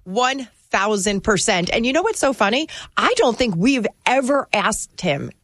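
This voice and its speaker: A woman co-hosting a casual chat, teasing her partner with quick, playful questions. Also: on the high side, animated, fairly bright tone, no echo, clean studio sound.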